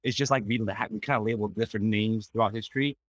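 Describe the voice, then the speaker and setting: A man who is a podcast guest, speaking sincerely and haltingly in casual conversation, with many restarts and fillers. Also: lowish voice, fairly even intonation, a bit bright, no room sound. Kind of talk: conversational interview.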